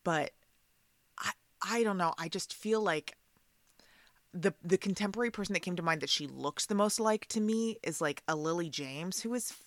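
A woman's voice: fairly low pitch, normal speed, no room sound. A woman who acts, chatting as a guest on a film podcast, opinionated and emphatic, often breaking off and restarting her sentences. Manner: opinionated, emphatic, self-interrupting. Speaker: guest, actor. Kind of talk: casual chat.

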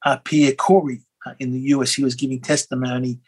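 An Australian man, a former member of parliament, telling a rambling, animated story as an interview guest, with many fillers and restarts. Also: medium pitch, brisk, slightly rough, poor audio. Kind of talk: conversational storytelling.

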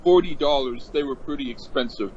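A man's voice: mid-range voice, brisk, darkish tone, lo-fi sound, a little hiss or hum. A man co-hosting a casual podcast chat who stammers, curses a lot and gets flustered, heard through a phone speaker. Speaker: podcast co-host. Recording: phone speaker, hollow sound.

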